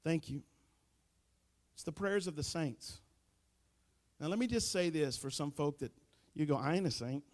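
High-voiced pastor in a church hall. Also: male voice, lively intonation, measured pace, pauses often. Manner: folksy, preachy, builds to shouting emphasis. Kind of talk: sermon. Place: church sanctuary.

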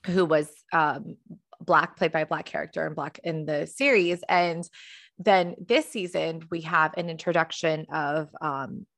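Lowish gravelly woman rambling on a podcast, stops and restarts a lot. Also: steady tone, measured pace, fairly bright tone, no echo. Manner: chatty, wandering, self-correcting. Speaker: podcast co-host. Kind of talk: casual chat.

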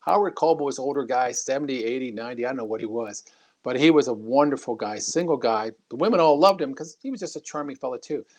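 A former congressman speaks as a guest in a talk interview. He tells anecdotes in a lively, chatty way, often restarting his sentences. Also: medium pitch, fast. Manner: anecdotal, animated, frequent restarts. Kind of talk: interview storytelling.

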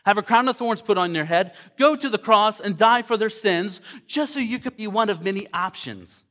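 A man's voice: high voice, fairly bright tone. A male pastor preaching a sermon, emphatic, repeating key words and addressing the congregation directly.

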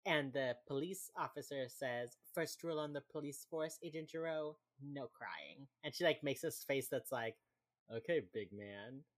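Very low-voiced chatty young woman. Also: expressive, moderate pace, few pauses. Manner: chatty, laughs often, acts out quoted lines. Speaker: podcast co-host recapping a TV episode. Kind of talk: casual chat.

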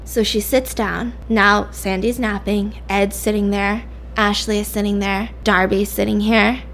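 A woman casually telling a made-up thriller story, animated and chatty, full of "like"s. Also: medium pitch, measured pace, slight background noise. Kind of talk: casual spoken fiction storytelling.

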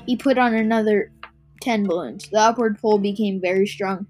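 A woman reading a children's book aloud at an unhurried pace, with small slips and restarts. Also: mid-range voice, a little mellow, poor audio. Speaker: reader.

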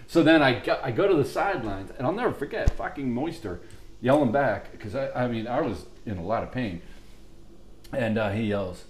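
A man co-hosting a podcast, swearing freely in casual, animated chat about old football games. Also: mid-range voice, normal speed, reverberant, a little hiss or hum. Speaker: podcast co-host.

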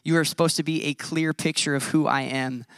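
A man's voice: fairly high pitch, fairly even intonation, brisk, a bit bright, smooth, no room sound, clean studio sound. A man in his thirties preaching a sermon as a pastor, conversational and self-deprecating. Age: 30s.

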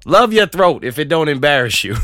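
A man's voice: on the high side, sing-song, normal speed, fairly bright tone, no room sound, studio quality. A man hosting a podcast, ranting comedically, laughing often and swearing freely. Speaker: podcast host. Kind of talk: comedic rant.

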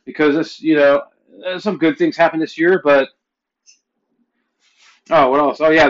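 A man in his forties, originally from Pennsylvania, vents in a casual, swearing rant that keeps climbing louder and higher. His voice sits slightly high for a man. The recording is dull and lo-fi. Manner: profane, heated ranting that climbs louder and higher. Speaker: vlogger.

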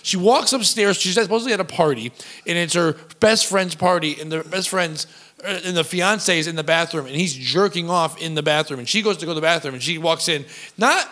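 A comedian podcast host telling a long, rambling, crude story in casual chat. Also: male voice, on the high side, brisk, sharp tone.

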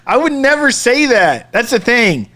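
A man co-hosting a podcast, telling a story in casual banter, animated and laughing often, swearing freely. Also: extremely high pitch, a little slow. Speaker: podcast co-host.

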